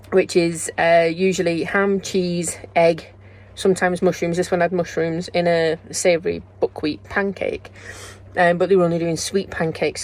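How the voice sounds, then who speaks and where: A middle-aged woman, chatting casually and joking as she vlogs to a handheld camera. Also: lowish voice. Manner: chatty and jokey, laughs often. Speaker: travel vlogger. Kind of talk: casual vlog chat.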